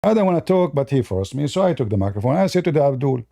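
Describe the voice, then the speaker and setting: A man's voice: mid-range voice, very animated, quick pace, vocal fry, warm tone, no echo, clean studio sound. A man giving a casual, mocking monologue on religion in broken English, sarcastic throughout. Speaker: religion commentator.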